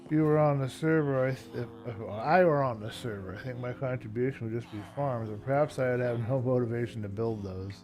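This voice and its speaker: A man chatting casually while streaming a game, low-key and rambling, tired and yawning often. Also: fairly quick, few pauses, dark tone. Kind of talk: casual live-stream chat while playing. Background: background music.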